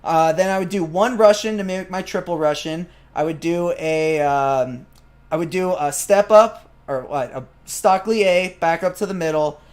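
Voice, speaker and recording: Young male gymnast vlogger, high-pitched voice, casual and animated, replays his own remarks as he talks. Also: normal speed. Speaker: gymnast vlogger answering viewer questions. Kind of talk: casual vlog commentary over training footage.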